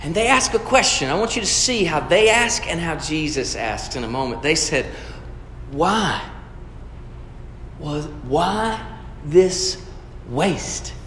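A man's voice: on the high side, a bit bright, slight background noise. A pastor preaching a sermon in an earnest, conversational way, asking his listeners questions. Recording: echoey hall with long reverb.

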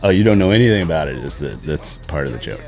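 A man co-hosting a podcast in casual chat, quickly explaining a planned bit. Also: very deep voice, big pitch swings, vocal fry, a little mellow, soft background music. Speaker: podcast co-host.

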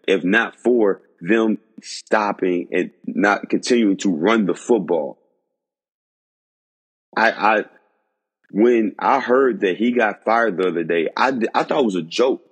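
A man hosting a sports podcast, ranting in disbelief with emphatic repetition and a husky voice. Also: on the low side, in a large hall. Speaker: podcast host.

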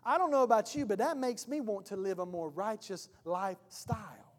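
A male pastor giving a sermon in a church, telling an animated story and acting out its scenes. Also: sits high, moderate pace. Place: church hall. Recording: long reverb of a church hall.

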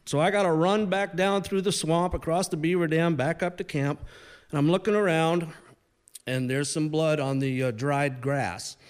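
Telling a humorous tale to a live audience, a man in his sixties keeps it conversational, with pauses and restarts. His voice is smooth and sits on the high side.

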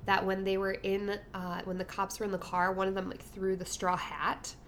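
A woman's voice: mid-range voice, completely flat delivery, moderate pace, a little hiss or hum. A woman co-hosting a casual movie podcast, chatty with lots of fillers. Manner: chatty, filler-laden, laughing asides. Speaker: podcast co-host.

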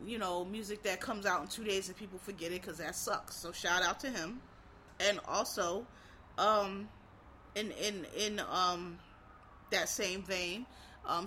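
A speaker with a Philadelphia accent chats straight to the camera in a loose, rambling monologue, swearing freely and calling the audience "y'all". The voice is bright and forward, with a middling pitch. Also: slight background noise, rough recording. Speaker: vlogger. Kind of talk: casual monologue to viewers.

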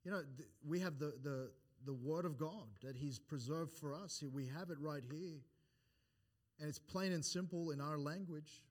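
A man preaches in church with a fairly high voice at a moderate pace. His sermon climbs in emphasis from point to point, he quotes scripture in old-fashioned language, and he frequently restarts phrases and repeats words along the way.

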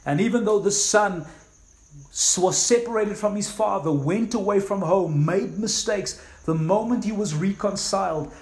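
A man's voice: high-pitched, a little slow, a little mellow. A man preaching a sermon as pastor, reading scripture aloud and then urging his listeners on with fervent exhortation. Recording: echoey room.

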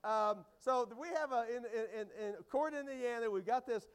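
Middle-aged guy preaching in a church, high voice, loud and excited, keeps restarting, throat a bit worn out. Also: normal speed, clean tone. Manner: energetic, loud and rambling with many restarts. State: strained voice from days of preaching. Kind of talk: sermon with storytelling. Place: church hall.

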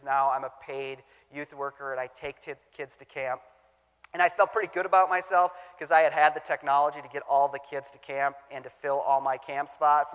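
A man and former youth pastor telling stories in a talk about theology, acting out the quotes with lively energy. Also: a little high, clean tone. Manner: animated storyteller, acts out quotes. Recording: long hall reverb.

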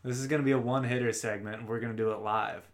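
A man's voice: mid-range voice, fairly even intonation, very fast. A man in his thirties co-hosting a podcast, playful and self-deprecating, often laughing. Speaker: podcast co-host. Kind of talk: casual podcast chat.

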